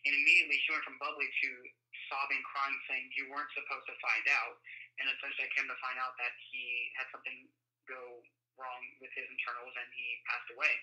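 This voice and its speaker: Bright-voiced man telling a personal story. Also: medium pitch, completely flat delivery, rough recording. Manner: halting, with many fillers and restarts. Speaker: guest speaker.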